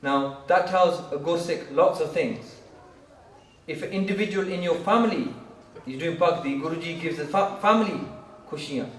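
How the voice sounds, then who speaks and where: A man preaching in a gurdwara hall, telling a long story in chatty "he goes, she goes" fashion. His voice sits a little high, picked up from a distance, with the hall's reverb around it. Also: a little hiss or hum. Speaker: speaker at a gurdwara talk. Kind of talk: storytelling sermon.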